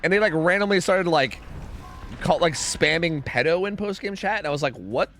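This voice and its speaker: Over quiet background music, a young American streamer with a somewhat high, slightly bright voice talks at a moderate pace. His gameplay chatter is casual and rambling, peppered with swearing and bits of humming.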